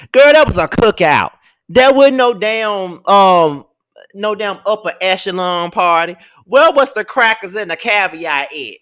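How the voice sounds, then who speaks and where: A man's voice: high voice, pushed and bright. A man giving a casual rant as a commentator, sassy, profane and emphatic.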